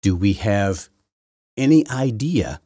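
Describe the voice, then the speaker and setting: Husky, combative male podcast host. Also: lowish voice, animated, slow, warm tone, no room sound, studio quality. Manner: rambling, self-correcting, combative. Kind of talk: solo political commentary.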